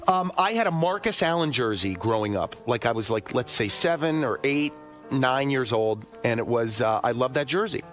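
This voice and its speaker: A man on a radio show telling a personal story in an earnest, halting way, with many pauses and restarts. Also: mid-range voice, animated, a bit bright, soft background music. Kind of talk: casual studio talk. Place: radio studio.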